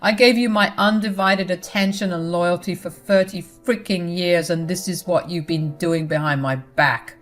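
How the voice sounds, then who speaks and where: A woman's voice: fairly low pitch, steady tone, normal speed, hardly any pauses, soft background music, close to an everyday voice. A woman voicing an angry, betrayed middle-aged husband who speaks coldly and accusingly in a storybook narration. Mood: cold anger.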